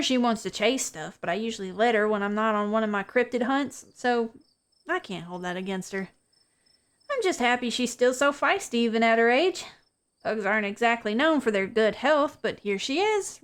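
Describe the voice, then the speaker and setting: A woman's voice: on the high side, fairly bright tone. A woman voicing a cheerful young hiker and cryptid hunter who talks in a chatty, reassuring way.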